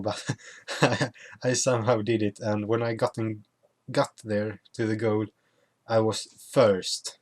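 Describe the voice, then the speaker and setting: A young man who is not a native speaker of English chats through his travel vlog at an unhurried pace. His voice sits a little low, and he often stops to restart words or add fillers. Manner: halting, many restarts and fillers. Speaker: vlogger. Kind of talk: casual travel vlog chat.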